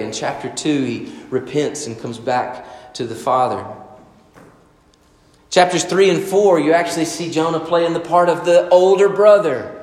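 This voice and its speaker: A man preaching a sermon, telling a story and acting out the voices in it, swinging from loud to soft. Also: on the high side, moderate pace. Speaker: pastor. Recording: echoey hall.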